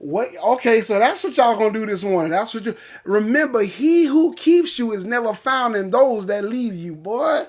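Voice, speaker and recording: High-voiced man preaching on a livestream. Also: normal speed. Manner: animated, preacher-like, reads out viewer quotes. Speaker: livestream host. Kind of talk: casual morning chat with preaching.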